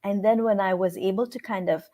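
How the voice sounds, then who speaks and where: A woman's voice: mid-range voice, fairly even intonation, brisk, mellow. Host, woman, mid-range voice, affirming, tells stories. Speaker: podcast host. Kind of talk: conversational podcast talk.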